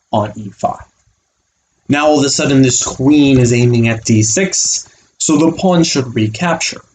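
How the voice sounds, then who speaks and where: A man as a chess coach giving an online chess lesson, animated and playful, acting out the pieces as little characters. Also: mid-range voice, slight background noise.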